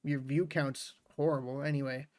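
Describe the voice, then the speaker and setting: Sneering reaction commentator, dry sound. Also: male voice, mid-range voice, level tone, moderate pace, darkish tone, dry recording. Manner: sneering, mocking. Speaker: reaction streamer.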